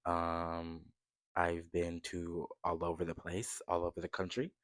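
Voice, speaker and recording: A man's voice: sits low, monotone, unhurried, fairly bright tone, dry recording. A man in his twenties from the United States, chatting casually and rambling to camera from his bed, turning upbeat as he shows things off. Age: 20s. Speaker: vlogger.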